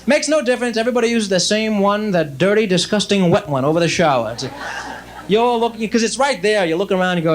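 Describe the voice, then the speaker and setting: A young man performs stand-up on stage, his voice pitched high and lively. He talks in a chatty rush, breaking into his own sentences with quick asides. The old broadcast tape carries a faint hiss. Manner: chatty, quick asides with frequent self-interruptions. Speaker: stand-up comedian. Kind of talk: stand-up routine. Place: stage before a laughing audience.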